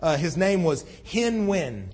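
A man's voice: fairly high pitch, big pitch swings, takes it slowly, a little mellow, husky. A man preaching a sermon as pastor, conversational, with frequent restarts and fillers. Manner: conversational, many restarts and "you know". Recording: long hall reverb.

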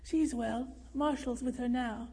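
A woman voicing a gentle, earnest, plain-spoken young man. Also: fairly high pitch, steady tone, measured pace, husky. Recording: reverberant room.

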